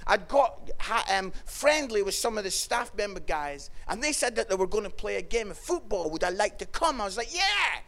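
A Scottish man preaching a sermon and telling stories, moving from hushed tones to loud exclamations. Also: high-pitched, lively intonation, fairly quick, few pauses. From Scotland. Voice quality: gravelly, swings from hushed to shouting. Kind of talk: sermon with personal storytelling.

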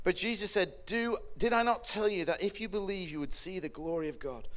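Male preacher, slightly high voice, dramatic storyteller, loud-to-hushed swings. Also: a little fast, hardly any pauses. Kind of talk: sermon. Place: hall or church with a microphone.

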